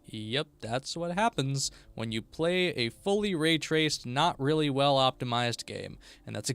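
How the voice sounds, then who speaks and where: A man's voice: medium pitch, a bit bright, clean tone. A tired man chatting casually on a live stream while building a game, often mumbling to himself.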